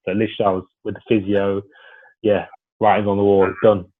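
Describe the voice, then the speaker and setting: Man, ex-footballer, rambling casual storytelling, lowish voice, tinny phone-like sound. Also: little pitch movement, brisk. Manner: casual, rambling, lots of restarts and fillers. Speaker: former footballer.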